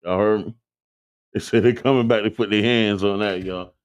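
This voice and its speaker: A man's voice: lowish voice, steady tone, normal speed, clean tone, dry recording. A man from the Tampa Bay area, hosting a community radio show in loose, joking chat aimed straight at listeners. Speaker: radio host. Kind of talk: casual talk radio chat.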